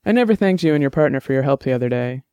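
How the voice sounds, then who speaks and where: A man's voice: mid-range voice, animated, racing, dark tone, clean tone, no room sound, natural voice. A man reading an easygoing young cop. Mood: friendly. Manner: easygoing, laughing.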